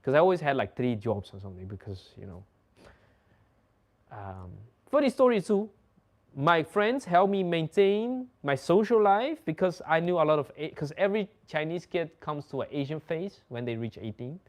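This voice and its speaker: A man's voice: a little high, moderate pace. A young man from the Netherlands, hosting a casual chat and telling stories in a loose, swearing, laughing way. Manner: animated, swearing, laughing storyteller. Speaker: host.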